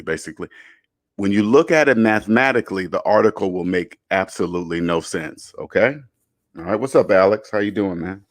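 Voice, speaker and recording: A man's voice: low voice, no echo, clean studio sound. A man hosting a live personal finance stream, talking bluntly and preachily, repeating points and tagging lines with "okay?". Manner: repeats himself for emphasis. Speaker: personal finance show host.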